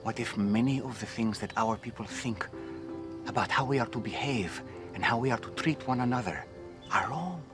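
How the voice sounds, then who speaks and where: A man playing a calm, gentle teacher in a period drama, speaking slowly and warmly to a gathered group. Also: medium pitch, natural voice. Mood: earnest. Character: calm gentle male teacher addressing villagers. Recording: film clip with music underneath.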